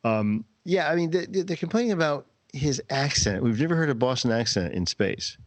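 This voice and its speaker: A man hosting a podcast in casual chat, rambling and halting. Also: mid-range voice, lively intonation, dry recording. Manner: rambling, halting, many restarts. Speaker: podcast host.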